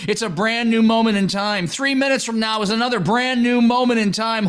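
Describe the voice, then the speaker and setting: A man's voice: high voice, a bit bright. A man preaching and praying fervently, with impassioned, repeated declarations that rise into exclamations. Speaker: preacher making prayer decrees. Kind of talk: fervent prayer and sermon.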